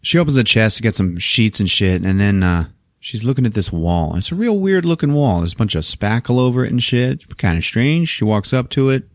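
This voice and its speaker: A man's voice: fairly low pitch, expressive, a little fast, no echo, clean studio sound. Laughing man recapping a movie. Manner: laughs often, acts out characters' lines, swears casually. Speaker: podcast host.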